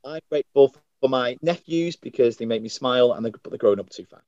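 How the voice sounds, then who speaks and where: A man's voice: medium pitch, brisk, dry recording, muffled recording. Chatty northern English man on a dry home call. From Crewe, England. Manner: chatty, animated, jokey storyteller. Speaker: mindset coach, podcast guest. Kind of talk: casual podcast chat.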